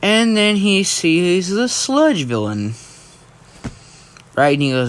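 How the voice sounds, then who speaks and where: A man's voice: fairly high pitch, a little slow, long pauses. A man casually telling a fan-fiction story, rambling, restarting and swearing as he goes.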